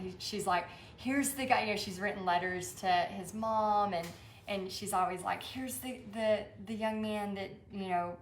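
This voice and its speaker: A woman's voice: medium pitch, reverberant, slight background noise. A woman with a Texan accent teaching a live-streamed painting lesson, chatting and reading viewers' comments aloud. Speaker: paint party instructor.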